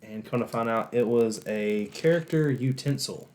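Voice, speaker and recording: A man's voice: mid-range voice, normal speed, a little mellow. A man chatting casually while building a model set, teasing his friend in a dry way. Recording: noisy background.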